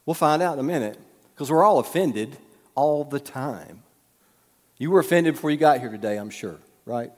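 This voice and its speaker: A man's voice: medium pitch, lively intonation, normal speed. Male pastor, conversational sermon, asks the congregation questions, long hall reverb. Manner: conversational, teasing the audience with questions. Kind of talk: sermon with storytelling.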